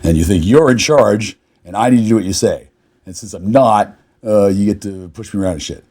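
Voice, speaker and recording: Brief: man, low husky voice, furious swearing monologue to camera. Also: a little fast, warm tone. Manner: furious, confrontational, swears constantly. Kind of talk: angry profane rant.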